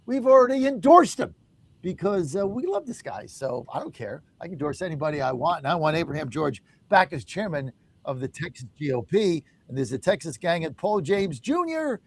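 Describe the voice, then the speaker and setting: Animated high-voiced male radio host. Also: a little fast, slight background noise. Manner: animated, laughing, emphatic. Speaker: radio talk show host. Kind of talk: energetic talk radio.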